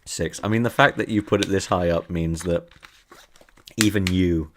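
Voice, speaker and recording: A man's voice: deep voice, normal speed, a little hiss or hum. A young man streaming from his desk, teasing his chat in a playful, casual way.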